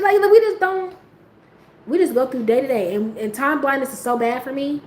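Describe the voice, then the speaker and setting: Chatty woman with a slangy, laughing ramble. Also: moderate pace. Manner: laughing often, jumping into high squeals when quoting herself; slang-heavy, rambling, trailing off quietly. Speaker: host. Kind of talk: casual chat. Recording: echoey room with faint ambient noise.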